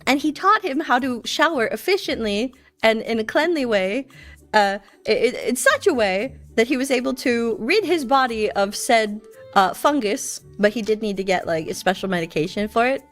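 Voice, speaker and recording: A woman's voice: a little high, expressive, normal speed, soft background music. A woman streamer telling anecdotes in a casual, chatty way. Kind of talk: casual storytelling chat.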